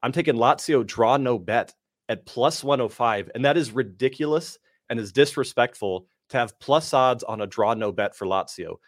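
A man giving confident soccer betting picks, brisk and packed with statistics. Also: medium pitch, expressive, no echo, clean studio sound. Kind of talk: sports betting analysis.

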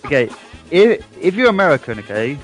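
A man's voice: fairly high pitch, sing-song, quick pace. A young man from southern England with an English accent, co-hosting a casual internet radio chat, cheeky and prone to stammering restarts. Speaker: co-host. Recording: internet radio with faint music.

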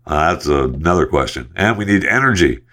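A man hosts a solo podcast of casual news commentary, reading stories aloud and tossing in rambling, sarcastic asides packed with fillers. He has a bass voice, animated and a little fast, with a bright, forceful tone.

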